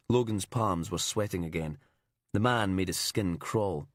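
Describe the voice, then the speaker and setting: A man narrating a crime thriller audiobook in a measured, grim storytelling manner. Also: low-pitched, no room sound, clean studio sound. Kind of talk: scripted narration.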